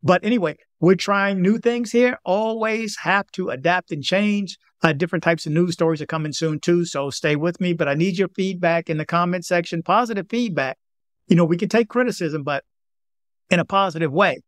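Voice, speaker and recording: A man's voice: sits high, normal speed, fairly bright tone, no echo, clean studio sound. Rambling man hosting a news vlog. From Washington, D.C., United States. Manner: rambling, repeats himself, talks straight to viewers. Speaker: vlog host. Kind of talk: casual direct-to-camera talk.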